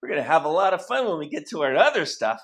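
A man's voice: fairly high pitch, quick pace. A man leading a playful gymnastics class for children, cheering them on, counting out stretches and roaring like animals. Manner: animated, encouraging, sing-song counting; cheerful praise and animal roars. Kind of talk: playful kids' class role-play.

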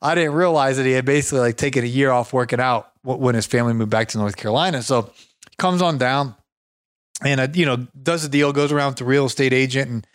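A man hosting a podcast, giving business advice in a chatty, energetic way with frequent chuckles and storytelling asides. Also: mid-range voice, fast, smooth, dry recording, studio quality. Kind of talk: casual motivational talk with anecdotes.

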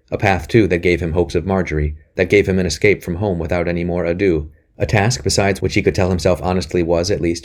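A man narrating a historical novel, measured and earnest. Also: deep voice, a little mellow. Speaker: audiobook narrator. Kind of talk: scripted narration.

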